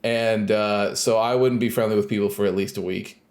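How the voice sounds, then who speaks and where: A man's voice: on the low side, steady tone, fairly quick, darkish tone. A man co-hosting a podcast, telling a funny story and acting out what others said. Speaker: podcast co-host. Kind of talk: casual chat.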